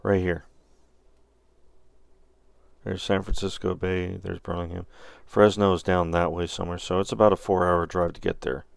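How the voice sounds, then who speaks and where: Deep, gravelly man in casual chat. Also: little pitch movement, moderate pace, long pauses, no room sound. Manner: thinks aloud while browsing, loose and joking. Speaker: channel host.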